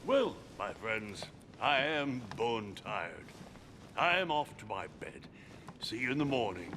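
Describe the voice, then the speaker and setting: A man voicing a weary gentleman guest in a video game, with a tired, drawn-out delivery. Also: lowish voice, sing-song, a little hiss or hum, full character voice.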